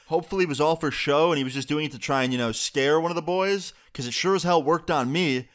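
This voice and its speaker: A young man in his twenties telling a story-time vlog in a lively, casual way with fillers. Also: a little high, a little fast. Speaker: YouTuber.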